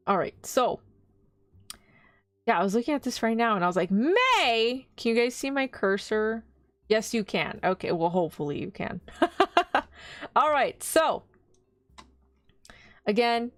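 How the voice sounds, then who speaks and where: A woman's voice: mid-range voice, no room sound. Bubbly woman streamer, dry close sound. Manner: bubbly, rambling, giggly, reads chat aloud. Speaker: VTuber streamer. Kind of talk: casual live-stream chat.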